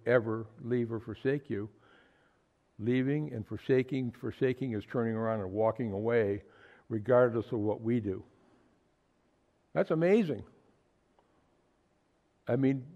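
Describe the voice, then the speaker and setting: Guy preaching to a small church group, gravelly, earnest, kinda muffled recording. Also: mid-range voice, a little mellow. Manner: earnest, emphatic, with repeated words and asides. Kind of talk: sermon. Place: small fellowship meeting room.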